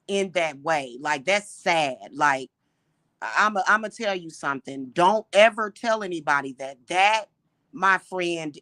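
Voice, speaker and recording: Slow, forceful, indignant woman host. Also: low voice, no room sound. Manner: indignant, exasperated, rhetorical questions; repeats points slowly and emphatically. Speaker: livestream host. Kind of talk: livestream rant to viewers.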